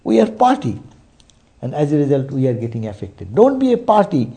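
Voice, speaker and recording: A man's voice: fairly high pitch, huge pitch swings, a little fast, gravelly, dark tone. A man giving a spiritual sermon, telling stories and checking in with rhetorical asides. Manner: storytelling, frequent rhetorical "eh?". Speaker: spiritual teacher.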